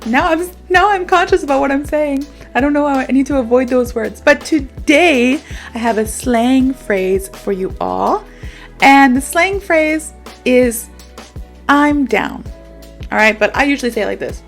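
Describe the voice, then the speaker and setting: A young woman talks through an English lesson in a relaxed, chatty way, peppering her speech with fillers. Her voice sits a little high for a woman, and soft music plays faintly under her. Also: moderate pace. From United States. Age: young adult. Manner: chatty, self-aware, uses fillers like "so" and "like". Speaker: English teacher. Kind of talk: casual video lesson.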